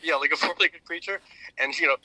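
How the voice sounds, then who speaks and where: A man co-hosting a podcast, retelling a story in a rambling, animated way with many restarts and fillers. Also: fairly high pitch, fairly quick, a loud crowd, rough recording. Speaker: podcast co-host. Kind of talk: casual chat.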